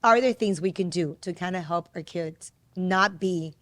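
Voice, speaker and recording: A woman podcast host telling a family story in a casual conversation, getting animated as she quotes her child. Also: fairly low pitch, moderate pace, no room sound. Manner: storytelling, animated when quoting her son.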